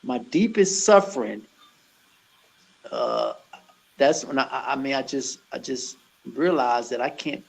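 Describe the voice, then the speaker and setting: A man who owns a gym and works as a personal trainer, talking earnestly in an interview with many halting restarts. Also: medium pitch, expressive, creaky, husky, rough recording. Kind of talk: conversational interview.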